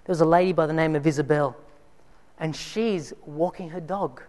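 A man's voice: on the high side, moderate pace, darkish tone. A man preaching a sermon and telling personal stories, dramatic, sometimes dropping to near whispers for emphasis. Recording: reverberant hall.

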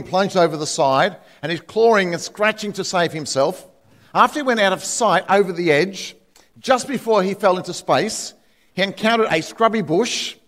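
A man's voice: on the high side, fairly bright tone. A man preaching a sermon as pastor, telling stories and acting out the voices in them. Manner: storytelling with acted voices. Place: church hall. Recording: church hall reverb.

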